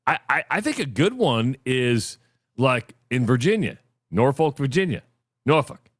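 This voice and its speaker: A man's voice: mid-range voice, very animated, unhurried, no room sound, studio quality. A chatty man co-hosting a radio show who reads ads and talks casually with many restarts. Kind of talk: casual radio chat and ad read.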